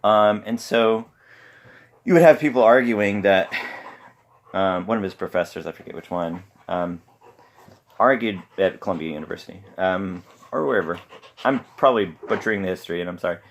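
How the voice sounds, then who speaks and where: A man with a very low voice talks through his subject in a loose, rambling way. He hesitates often and fills his pauses with ums. He keeps adding modest, self-deprecating asides. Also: a little hiss or hum. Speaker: podcast host. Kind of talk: casual rambling lecture.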